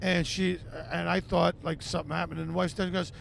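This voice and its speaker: Male comedian guest with a high, gravelly voice. Animated, profane storyteller who acts out the people in his stories. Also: brisk, slight background noise. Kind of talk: podcast storytelling.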